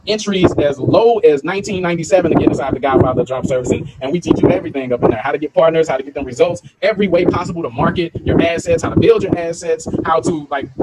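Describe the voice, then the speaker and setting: A man coaching viewers on online business in a hyped, slangy way, laughing often. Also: a little high. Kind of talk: casual coaching talk to camera. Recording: loud background noise.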